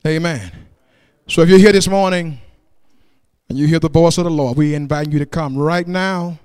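A man preaching a sermon in church, chanting in a call-and-response style that swings between loud exclamations and hushed passages. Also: on the high side, a little fast, smooth, no room sound, studio quality. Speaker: pastor.

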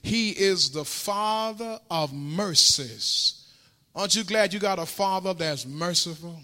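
A man preaching a sermon in a church, repeating phrases in call-and-response and rising to shouts. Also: high voice, slow pace. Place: church sanctuary. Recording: long hall reverb.

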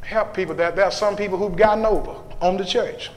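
A man preaching a call-and-response sermon in a church, building into chanted shouting. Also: sits high, fairly even intonation, brisk, slight background noise. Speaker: pastor. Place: church sanctuary. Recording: echoey church hall with long reverb.

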